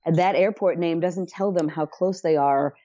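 A woman co-hosting a podcast who adds knowing side remarks and trivia. Her voice is low and mellow. The audio is dry and a little dull, like a lo-fi recording. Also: normal speed, dry recording. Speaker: podcast co-host. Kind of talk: casual chat with trivia asides.

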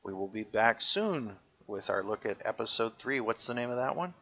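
Bright-voiced male podcast co-host. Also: on the low side, animated, moderate pace. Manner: jokey, chatty. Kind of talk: casual chat. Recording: dull lo-fi recording.

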